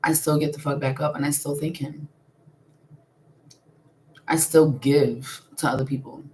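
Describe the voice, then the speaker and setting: Low-voiced woman chatting bluntly on a live stream. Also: steady tone, a little slow, a little mellow. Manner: blunt, laughs often, swears freely. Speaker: spiritual vlogger. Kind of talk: casual live-stream chat.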